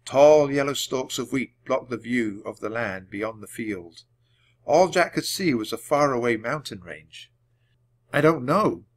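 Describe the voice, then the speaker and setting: Animated man reading a storybook aloud. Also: medium pitch. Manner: clear and deliberate for language learners. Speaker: storybook reader.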